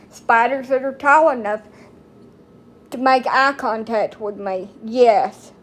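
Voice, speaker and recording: Woman, 30s, American, unhurried, rambling, blunt, folksy livestream talker. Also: fairly high pitch, a bit bright. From United States. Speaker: TikTok streamer. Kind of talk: casual chat to camera.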